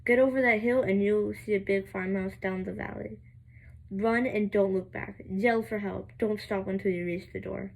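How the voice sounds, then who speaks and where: A woman's voice: medium pitch, steady tone, moderate pace, gravelly, low-quality recording. A young woman reading a novel aloud, voicing a worried mother who urges her son to flee, stumbling over some words. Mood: urgent.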